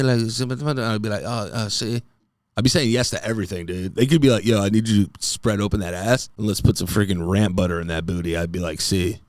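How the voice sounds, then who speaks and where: This is a man in his thirties with a lowish voice, recorded dry, hosting a comedy podcast. He delivers a solo monologue that rambles goofily, and he says "dude" a lot.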